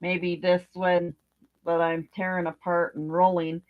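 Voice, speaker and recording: Speaking at a measured pace in a lowish, level voice, an older woman chats about her crochet while working on it. She's a crochet vlogger who rambles, thinks out loud, and leans on fillers, captured in a dull lo-fi home recording.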